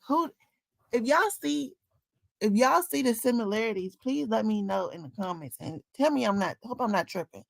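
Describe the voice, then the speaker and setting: Commentator woman, slangy and direct, with a fry-heavy voice in a dry, close recording. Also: a little high, no room sound, rough recording. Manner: conversational, slangy, talks straight to viewers. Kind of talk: casual commentary.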